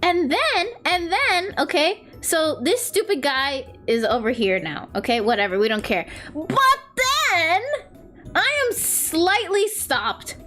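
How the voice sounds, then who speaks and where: Drawing on stream with faint music behind her, a young woman chats casually and spins rambling, self-mocking stories. Her voice is high, bouncy, and expressive, swooping up and down, slow in pace and sharp in tone.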